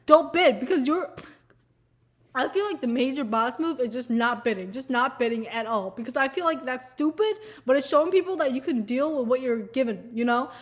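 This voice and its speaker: A young woman talking casually to camera in an animated, profane rant, sometimes mocking people in put-on voices. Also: high-pitched, brisk. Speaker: vlogger. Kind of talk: casual ranting chat to camera.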